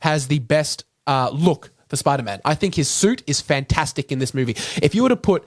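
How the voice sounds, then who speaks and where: Man co-hosting a film podcast, higher voice, animated and opinionated, dry close mic. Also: brisk, no echo. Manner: animated, opinionated, many fillers. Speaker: podcast co-host. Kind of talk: casual movie review chat.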